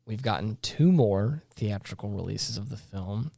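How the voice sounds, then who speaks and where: A man with a fairly low voice co-hosts a relaxed podcast chat. He reads out trivia with many ums and uhs, chuckling now and then, on a dry, close recording. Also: a little slow, gravelly, dry recording. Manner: reads facts aloud with fillers and laughs. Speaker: podcast co-host. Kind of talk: casual podcast chat, reading trivia aloud.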